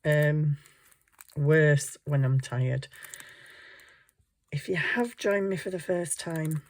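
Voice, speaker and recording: A woman's voice: low voice, slow. A woman chatting casually while crafting at home, tired, ditzy and giggly, muttering to herself as she hunts round her desk. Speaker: craft vlogger.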